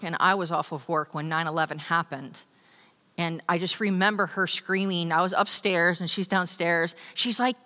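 A woman from New York giving a personal testimony to an audience, telling her story with lively storytelling. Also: on the low side, long reverb tail. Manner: animated storytelling, acting out quoted voices. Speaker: speaker sharing a testimony.

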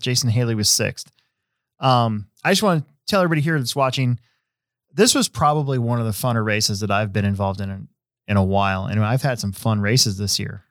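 A man hosting a casual podcast, talking in a rambling, relaxed way with many fillers and restarts. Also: mid-range voice, no echo, studio quality. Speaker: host; hobby shop owner.

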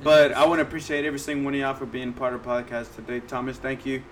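A man hosting a podcast in a relaxed, casual way, introducing stories and thanking guests. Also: medium pitch, very fast, a little hiss or hum. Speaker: podcast host.

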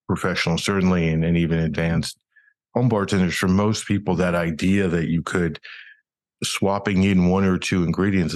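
A man co-hosting a podcast, chatting casually in a rambling way with many "you know" and "right?" tags. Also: sits low. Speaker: podcast co-host.

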